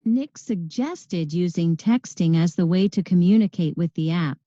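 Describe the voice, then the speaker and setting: A woman's voice: lowish voice, normal speed, warm tone, no echo. A woman reading a scripted textbook listening exercise, one sentence read three times. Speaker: audio track narrator. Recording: muffled played-back audio track.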